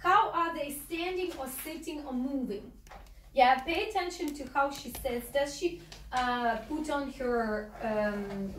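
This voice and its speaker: A woman from Ukraine, a native Russian speaker with a Ukrainian accent, teaches a class using lots of fillers and frequent "okay?" checks. Her voice is high-pitched. The mic sits far off in an echoey room, with a little hiss or hum.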